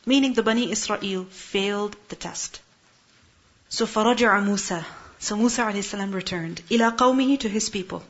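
A woman's voice: medium pitch, rapid-fire. A woman teaching a Quran lesson, explaining Arabic words and asking her listeners questions. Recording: muffled lo-fi recording.

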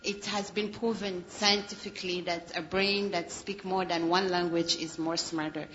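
A woman's voice: lowish voice, flat delivery, moderate pace, fairly bright tone. A woman in the audience sharing a comment, hesitant with frequent fillers. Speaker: audience member. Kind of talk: comment in a class. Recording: dull lo-fi recording with faint noise.

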